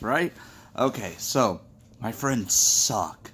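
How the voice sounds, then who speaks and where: A chatty man rambles his way through a string of jokes, telling stories about his friends and family in a loose, casual way. His voice sits at a middle pitch, with a faint hum of noise behind it. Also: expressive, moderate pace, fairly bright tone. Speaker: comedy vlogger. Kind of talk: casual stand-up joke telling.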